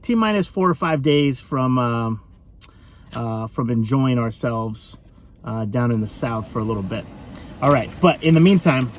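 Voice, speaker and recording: A man's voice: mid-range voice, slight background noise. A man talking through a casual food review vlog, chatty and rambling, with lots of fillers.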